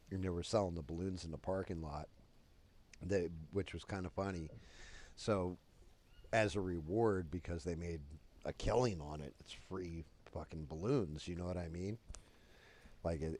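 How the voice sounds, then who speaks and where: A man telling a crude story on his live stream in a rambling, animated way. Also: low voice, a little hiss or hum.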